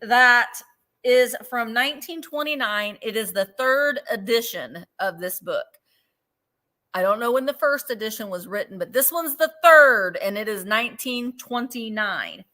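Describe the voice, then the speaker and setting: A chatty woman hosts a live vintage sale. Her voice sits fairly high and rings bright and forceful. She talks casually and walks through every item in detail. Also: lively intonation, a little slow. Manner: chatty, laughs easily, describes items in detail. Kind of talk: casual live-stream selling.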